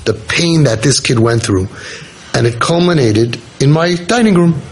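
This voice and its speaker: A man's voice: fairly high pitch, animated, normal speed, slight background noise. A man telling a personal story in an informal talk to a listening group. He speaks earnestly, restarts his sentences often and mixes in religious Hebrew terms. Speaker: speaker on parenting podcast.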